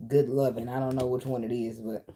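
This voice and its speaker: Woman, very low-pitched, warm and mellow; blunt tarot reader, swears freely. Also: little pitch movement, brisk, slight background noise. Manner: blunt, chatty, swears freely, talks to the cards. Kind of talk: casual tarot reading monologue.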